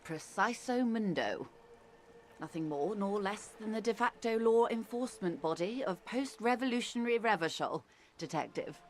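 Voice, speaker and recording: A woman voicing a worldly, wry older woman in a video game, arch and measured, explaining things with dry irony. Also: medium pitch, expressive, close to an everyday voice. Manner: arch, measured, dryly ironic.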